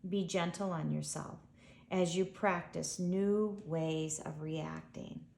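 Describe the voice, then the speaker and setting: Lady doing a soft gentle calm creature, slow and soothing, echoey room. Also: mid-range voice. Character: calm gentle female yoga animal.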